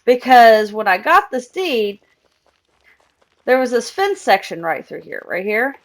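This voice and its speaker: A young woman with a high voice talks casually to her live stream audience while she plays. She rambles, restarts her sentences and breaks into laughter often. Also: very animated, measured pace.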